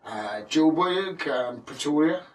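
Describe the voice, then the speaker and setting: A man's voice: on the high side, lively intonation, slow pace, slight background noise. Welsh man in a roomy, distant recording. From Wales. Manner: joking, swears freely, laughs often. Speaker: guest. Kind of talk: casual podcast chat. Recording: roomy sound from a distant mic.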